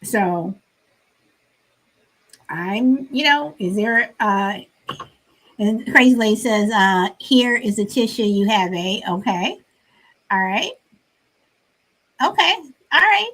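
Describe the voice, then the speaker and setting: A woman's voice: medium pitch, slow pace, long pauses, fairly bright tone, poor audio. A woman hosting a casual live stream, chatting with many fillers and reading out viewers' comments.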